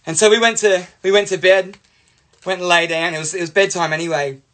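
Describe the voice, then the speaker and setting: A young Australian man, a life coach, telling a playful childhood story in an animated way. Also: sits high, a little fast. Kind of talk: storytelling monologue.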